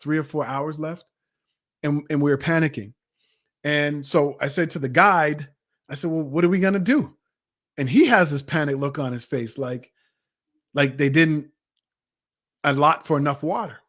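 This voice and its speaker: A man coaching an audience, telling a personal travel story with animated, acted-out quotes. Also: a little high. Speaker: motivational coach. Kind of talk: motivational storytelling talk.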